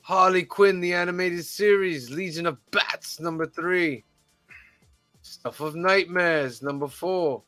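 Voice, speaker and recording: A man hosting a casual podcast, reading titles off a list in a measured, deadpan way with wry asides. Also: sits high, no echo, soft background music. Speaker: podcast host reading the weekly release list.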